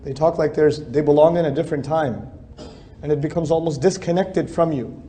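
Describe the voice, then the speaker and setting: Mellow-voiced man giving an emphatic lecture. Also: on the high side, fairly quick, slight background noise. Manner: conversational, emphatic repetition. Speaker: Islamic speaker. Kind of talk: religious lecture.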